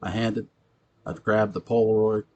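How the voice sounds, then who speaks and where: A man voicing a profane young ex-convict with a New York accent spins his story. His voice sits low and husky, rough and street-worn. He talks like a man who has seen trouble. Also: fairly even intonation, unhurried, darkish tone, lo-fi sound. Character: ex-convict man recounting a ghostly encounter. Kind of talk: acted monologue, recounting a tale.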